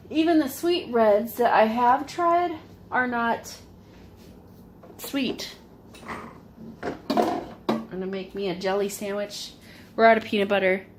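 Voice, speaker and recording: A woman's voice: on the high side, slight background noise. A woman vlogging at home, chatting casually in a wry, meandering way full of asides. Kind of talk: casual rambling chat. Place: home, indoors.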